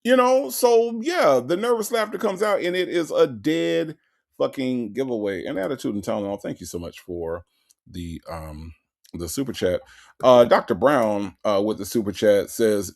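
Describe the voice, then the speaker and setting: A man's voice: mid-range voice, moderate pace, creaky. A man hosting a casual live stream, reading viewer chat and commenting bluntly with coarse language and frequent laughter. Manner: animated, blunt, profane, laughs often. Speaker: livestream host.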